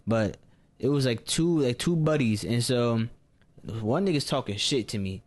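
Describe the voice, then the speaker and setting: A young man, a podcast co-host, telling a story in casual chat and loudly acting out what others said. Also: medium pitch, expressive, moderate pace.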